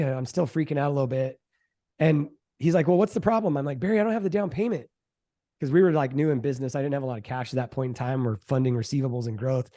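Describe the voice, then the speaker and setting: A middle-aged man, a real estate investor, telling the story of his first deal in a casual interview, animated and quick to act out what others said. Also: mid-range voice. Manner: animated storyteller, acts out quoted voices, fillers like "um" and "like".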